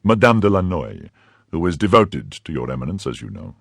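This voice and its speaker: A loyal count and eager agent, as a male reader gives him voice, brisk and confiding. His voice is low and husky with animated pitch, in a dry close recording. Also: no room sound, exaggerated voice.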